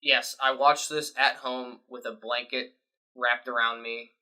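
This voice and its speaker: A man's voice: mid-range voice, level tone, unhurried, sharp tone, low-quality recording. A man co-hosting a sports podcast, giving rambling, opinionated takes in casual chat. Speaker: podcast co-host.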